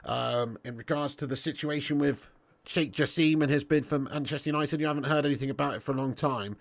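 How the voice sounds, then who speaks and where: A man's voice: fairly high pitch, fairly quick, creaky. A young man from Dorset, hosting a casual football livestream and reading comments with sweary, jokey banter. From Dorset, England. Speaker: football channel host.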